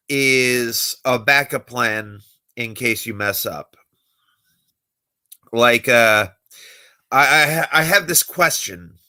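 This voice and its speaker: A man's voice: mid-range voice, pushed and bright. A young adult man, a magician hosting a late-night livestream, chatting casually and acting out the people in his stories. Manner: storytelling, acting out quoted people.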